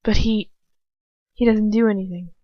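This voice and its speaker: A woman's voice: medium pitch, steady tone, normal speed, no room sound. A woman reading a story aloud in the first person, dramatic and breathless at the tense moments. She breaks off now and then to comment in a casual aside. Her voice sounds dry and a little muffled, like a simple home recording. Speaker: fanfiction reader.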